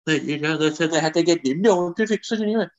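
A man voicing a nosy, chatty old rural man with a Kerry accent, his voice raised high and full of stammered repeats. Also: fast, dull audio, natural voice. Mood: newsy. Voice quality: shrill and stammering, lots of repeated words.

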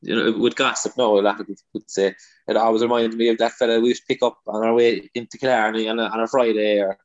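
This Irish comedian with a Kerry accent chats casually as an interview guest, his lowish voice level in tone and quick in pace. His talk is loose, trailing off into restarts and "you know." The recording sounds muffled.

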